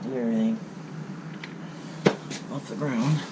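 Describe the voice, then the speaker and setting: A man's voice: medium pitch, steady tone, unhurried. A man casually talking through a DIY motorbike oil change outdoors, muttering and cursing as he works. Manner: mutters and curses while working. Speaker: home mechanic. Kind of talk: casual how-to commentary. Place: outdoors beside a flower bed. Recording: noisy outdoor camera recording. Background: outdoor ambience and vehicle noise.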